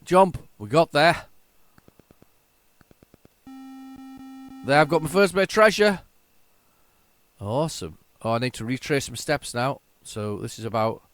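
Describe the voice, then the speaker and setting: A man giving casual, excitable, self-mocking commentary while playing an old computer game. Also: a little high, slow pace, pauses often. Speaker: retro game tape reviewer.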